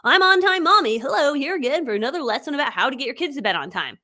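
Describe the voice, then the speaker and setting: Woman doing a perky mom vlogger, high bright voice, sing-song, bubbly. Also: animated, quick pace, slight background noise. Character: chirpy perfect-mom woman vlogger, upbeat.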